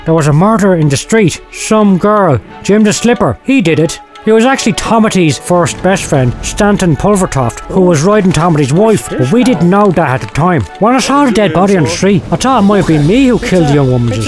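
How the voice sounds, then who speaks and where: Man as an erratic, swearing eccentric, high lively voice, faint music underneath; comic audio play. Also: brisk, hardly any pauses. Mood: agitated. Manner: agitated, swearing, rambling. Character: erratic, foul-mouthed man hearing voices.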